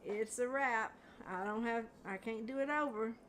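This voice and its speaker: A woman's voice: on the high side, normal speed, a bit bright, slight background noise. An older woman hosting a home craft video, chatting in a rambling way and laughing at herself while she paints. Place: home studio.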